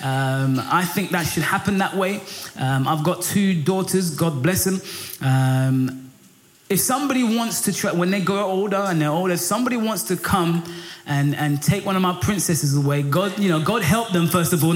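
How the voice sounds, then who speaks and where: A middle-aged man preaching a sermon in a lively, passionate way. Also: moderate pace, slight background noise. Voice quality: high for a man, lively and passionate, rising when pressed. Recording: echoey room with faint music.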